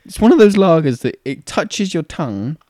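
Lively, animated man chatting. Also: on the high side, normal speed, dry recording, studio quality. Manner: animated storytelling with laughs. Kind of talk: casual chat.

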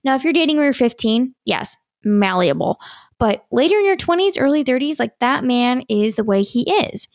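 Emphatic young woman with a gravelly edge. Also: sits high, animated, moderate pace, no room sound, studio quality. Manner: emphatic, repeats points for stress. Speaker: dating advice host. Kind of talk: casual advice monologue.

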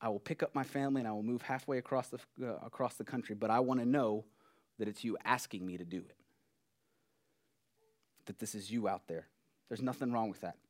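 A man's voice: mid-range voice, brisk, long pauses. Earnest, conversational male pastor. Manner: earnest, conversational, swings between soft and emphatic. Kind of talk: sermon.

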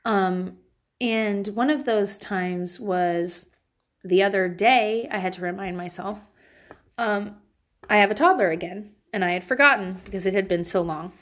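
A woman in her thirties at a mid-range pitch, talking frankly about raising kids. She tells loose, casual stories and swears without a second thought. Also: measured pace, fairly bright tone. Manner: candid and frank, swears freely. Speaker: parent giving parenting advice. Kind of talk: casual personal storytelling.

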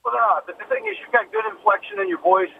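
Male radio caller, hesitant and admiring, very animated high voice, gravelly, tinny phone line with faint hiss. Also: fast. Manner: hesitant, lots of uh fillers, admiring. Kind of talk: call-in conversation.

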